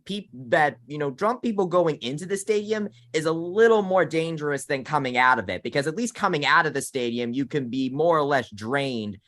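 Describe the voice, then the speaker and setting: A man's voice: fairly high pitch, lively intonation, normal speed, few pauses, a bit bright. A man in his early twenties, a college student co-hosting a casual sports podcast and talking in a hesitant way with many restarts. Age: 20s.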